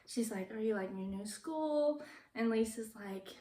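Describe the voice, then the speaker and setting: A woman's voice: a little high, moderate pace. Young woman, chatty movie recap, laughs a lot, echoey room. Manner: chatty, laughs often, quotes characters in hushed voices.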